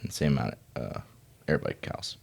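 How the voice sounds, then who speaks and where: Very deep-voiced man in casual chat. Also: normal speed, creaky, slightly rough. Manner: relaxed, rambling with many fillers. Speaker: gym coach.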